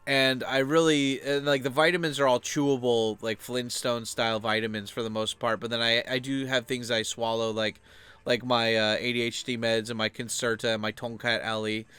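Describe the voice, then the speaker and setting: A man's voice: mid-range voice, little pitch movement, normal speed, a bit bright, clean tone. A young man talking casually on his own channel, rambling loosely with lots of filler words. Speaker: channel host.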